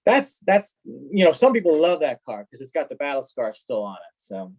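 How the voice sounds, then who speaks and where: A man telling stories in a casual chat as a guest, lively, acting out what people said. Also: a little high, normal speed, poor audio. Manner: animated, acts out quoted dialogue. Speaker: guest, car collector. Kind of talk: casual storytelling.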